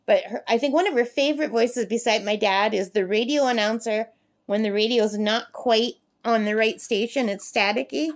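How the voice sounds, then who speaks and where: A woman's voice: a little high, moderate pace. A woman talking casually in a crafting vlog, rambling along and reading numbers aloud as she works. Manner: chatty and rambling, reads numbers aloud while working. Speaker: crafting vlogger. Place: at her summer camp with a talking parrot.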